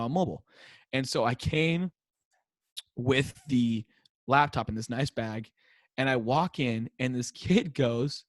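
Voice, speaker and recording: An American man, a high school teacher, telling classroom stories in a casual interview and acting out the kids' voices. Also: no echo. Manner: animated storyteller, acts out kids chanting. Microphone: wearing a mic.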